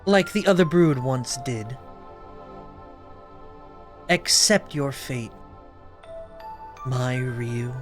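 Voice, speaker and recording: A man reading aloud the lines of a calm, commanding female goddess from a video game, in a lowered, solemn voice. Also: extremely slow, pauses often, faint music behind.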